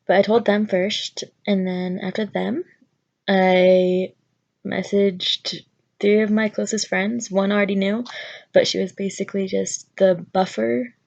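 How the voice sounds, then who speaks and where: A woman's voice: medium pitch, level tone, measured pace, creaky, darkish tone, highs cut off. A young woman telling a personal story in a vlog, nervous and rambling with many fillers. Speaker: vlogger.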